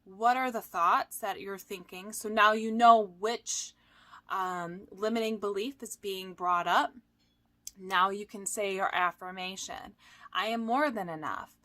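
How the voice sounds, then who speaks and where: A woman coach giving casual advice, chatty and animated, with lots of fillers and playful "blah, blah" asides. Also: medium pitch, unhurried. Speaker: holistic coach.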